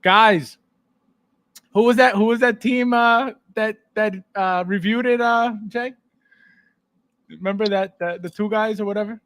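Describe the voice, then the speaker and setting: A man's voice: high-pitched, a little slow, long pauses, fairly bright tone, dry recording. A man hosting a casual livestream, greeting viewers by name and laughing often. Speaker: podcast host.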